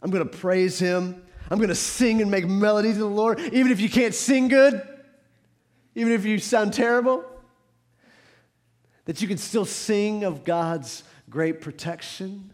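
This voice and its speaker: A man delivers a sermon from the pulpit, his voice sitting noticeably high for a man. He swings between fervent, pressing emphasis and soft, hushed passages. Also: unhurried. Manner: rises to fervent emphasis, drops to hushed tones. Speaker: pastor.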